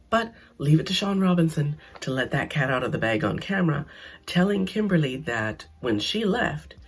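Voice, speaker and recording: Blunt, husky-voiced woman recapping reality TV. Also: sits low. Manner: animated, blunt, sarcastic. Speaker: reality TV commentator. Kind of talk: casual opinionated recap.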